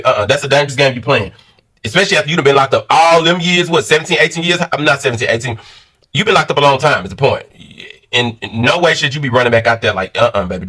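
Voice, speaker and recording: A man reviewing a reality show in casual, animated commentary, full of slang and direct asides to viewers. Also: mid-range voice, low-quality recording. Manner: animated, slangy, addresses viewers as sis and baby.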